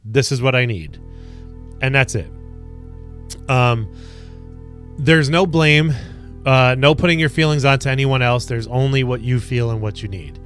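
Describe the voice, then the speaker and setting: A man's voice: medium pitch, fairly even intonation, measured pace, pauses often, fairly bright tone, faint music behind. Earnest man coaching with ums and you-knows. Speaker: wellness coach. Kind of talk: self-help talk to camera.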